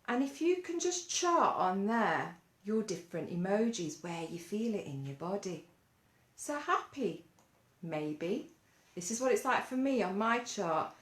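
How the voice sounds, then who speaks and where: A woman guides children through a mindfulness lesson at an unhurried pace. Her manner is playful and coaxing, full of questions, with a mid-range voice. The recording carries a noticeable roomy echo. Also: medium pitch, very animated. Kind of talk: gentle mindfulness lesson for kids.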